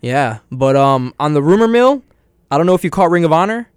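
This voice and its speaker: A young man rattles through wrestling stories at a quick clip, his voice sitting a little high for a man. He laughs often and acts out what the wrestlers said. The sound is close and dry, with no room echo. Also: clean tone. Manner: excitable storyteller, laughs often, quotes wrestlers. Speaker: podcast co-host. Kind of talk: casual wrestling chat.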